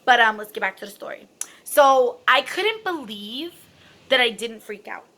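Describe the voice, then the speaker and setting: A chatty woman recounting a story to her viewers, loose and dramatic with plenty of fillers. Her voice sits a little high and sounds bright and forward. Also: animated, normal speed. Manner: chatty and dramatic, many fillers, self-described extra. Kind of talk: casual storytime vlog.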